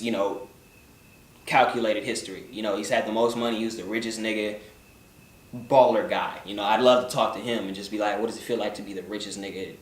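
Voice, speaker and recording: A young man answering viewer questions in a loose, joking vlog chat, often swearing and trailing off into mumbles. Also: fairly low pitch. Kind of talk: casual chat. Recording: roomy, from a distance, faint background noise.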